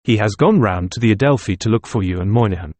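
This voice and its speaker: A man reading the part of a suave young male student who mocks with smooth politeness. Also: fairly low pitch, lively intonation, fast talker, darkish tone, no echo.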